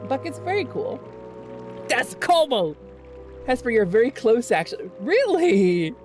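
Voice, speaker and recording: A woman's voice: a little high, sing-song, measured pace, darkish tone. A woman streaming a game, chatting casually with her chat in a bubbly, giggly way. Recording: game music behind.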